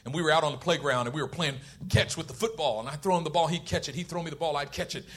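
A male preacher with a high, husky voice and a bright, forceful edge. He swings from loud emphatic lines to hushed, intense ones. He laughs his way through a story from his childhood. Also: rapid-fire. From Oakland, California. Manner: animated, shifts between loud emphasis and quiet intensity; laughs while telling a personal story. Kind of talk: sermon with storytelling.

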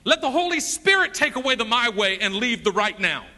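A man preaching a sermon, animated and dramatic, acting out the voices of people in the story he tells. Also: very high voice, a little fast, in a large hall.

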